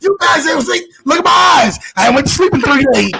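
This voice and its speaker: A man's voice: very high voice, lively intonation, brisk, gravelly, shouting, background noise, voice pushed up, exaggerated voice. A man imitating a frantic, sleepless friend who chants about crypto over and over. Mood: manic.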